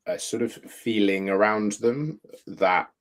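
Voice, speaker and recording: A man's voice: lowish voice, slow pace. A man co-hosting a podcast, musing in a rambling way full of fillers and "like". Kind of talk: casual video-call chat.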